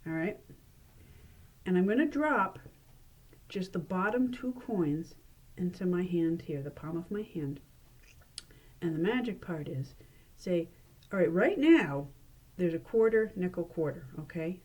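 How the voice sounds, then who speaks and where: A woman's voice: fairly low pitch, expressive, a little slow, pauses often, a little mellow. Chatty woman showing coin tricks. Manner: chatty and playful, laughs at her own slips. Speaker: librarian demonstrating magic tricks. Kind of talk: casual how-to demonstration. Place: library. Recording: noisy room with clicks.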